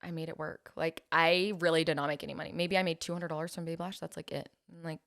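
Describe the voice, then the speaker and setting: A woman's voice: low voice, level tone, fast, gravelly, fairly bright tone. A young woman telling stories about her life in casual chat, acting out quotes and often laughing. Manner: chatty storytelling, acts out quotes, laughs often. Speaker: podcast guest.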